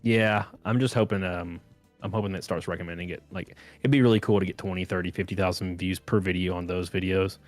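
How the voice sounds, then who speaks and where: Low-voiced laid-back guy telling stories. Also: steady tone, fast, soft background music. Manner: laid-back rambling, swears freely. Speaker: podcast guest. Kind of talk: casual storytelling chat.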